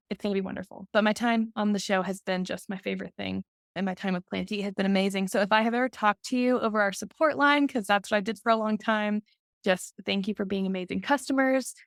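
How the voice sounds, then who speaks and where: A young woman co-hosting a podcast, talking casually with lots of fillers and quick laughs. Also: mid-range voice, vocal fry, no echo, clean studio sound. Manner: chatty, filler-heavy, laughs often. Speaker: podcast co-host. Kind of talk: casual chat.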